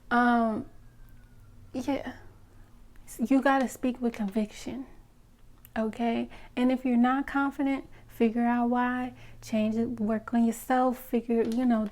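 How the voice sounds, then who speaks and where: A woman with a slightly high, darkish voice speaks steadily and a little slowly, leaving long pauses. Talking straight to the camera, she gives frank, emphatic relationship advice and keeps checking in with "okay?" and "you know?"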